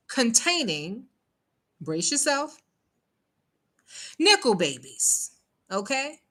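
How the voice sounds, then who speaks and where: A woman delivers casual news commentary with a bright, animated voice. She leans on each point, asks rhetorical questions and keeps checking in with "okay?". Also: on the high side. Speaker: show host.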